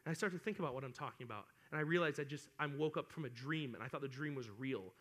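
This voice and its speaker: A young man preaching to students, casual and animated, acting out whiny children as he speaks. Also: medium pitch, fast talker. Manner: animated, acts out whiny kids. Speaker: youth pastor. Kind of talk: sermon to students.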